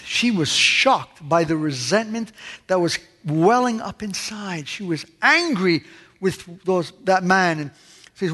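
A man preaches in a church with a voice pitched a little high. He leans hard on key words, then drops to near-hushed asides. His voice rings out with a long hall echo. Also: animated, measured pace, husky. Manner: emphatic, swings between loud stresses and hushed asides. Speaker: pastor. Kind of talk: sermon.

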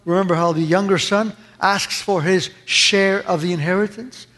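High-voiced preacher in a reverberant hall. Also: male voice, steady tone, normal speed, a bit bright. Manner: impassioned, acts out quoted voices. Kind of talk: sermon.

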